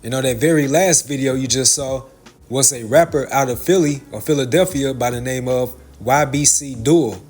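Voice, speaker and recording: Husky-voiced man preaching commentary. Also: medium pitch, darkish tone, soft background music. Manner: measured, preachy delivery with formal religious greetings. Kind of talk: religious commentary.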